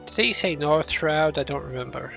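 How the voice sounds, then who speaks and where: A man chats through his gameplay, wandering off into self-mocking jokes. His voice is gravelly and bright with a slightly raised pitch, and the delivery is unhurried, over faint game music. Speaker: game streamer. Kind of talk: casual gameplay commentary.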